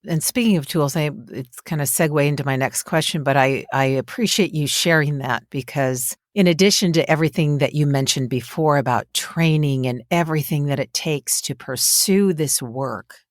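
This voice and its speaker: Low-voiced woman podcast host. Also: normal speed, few pauses, dry recording, studio quality. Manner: warm, affirming interviewer with long, winding questions. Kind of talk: podcast interview.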